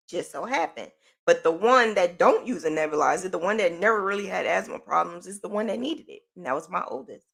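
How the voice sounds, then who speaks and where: A middle-aged woman whose voice sits on the low side, with a slightly bright tone, hosts a podcast and tells a personal story. She rambles casually, repeats herself, and fills her speech with "like" and "um."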